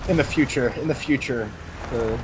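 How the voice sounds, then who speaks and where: Male guest streamer, mid pitch, rambling, faint hiss under the call audio. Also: moderate pace. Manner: rambling, many restarts and fillers. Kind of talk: casual gaming chat.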